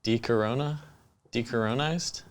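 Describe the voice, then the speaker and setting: A man's voice: medium pitch, unhurried. A man chatting casually as a guest on a podcast, guessing words with jokey replies. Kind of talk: casual chat.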